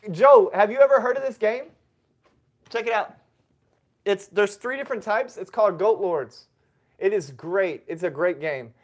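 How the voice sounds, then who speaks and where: Chatty dad streaming live. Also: male voice, high voice, normal speed, long pauses. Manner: chatty, reads chat aloud, gives shout-outs. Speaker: family livestream host. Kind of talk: casual livestream chat.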